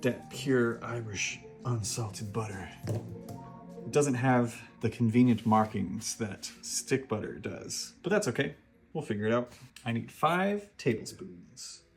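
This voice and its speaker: A man's voice: medium pitch, lively intonation, slow pace, vocal fry, darkish tone, faint music behind. A man hosting a casual home cooking vlog from his kitchen, narrating each step with wry, self-deprecating jokes. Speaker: home cooking show host.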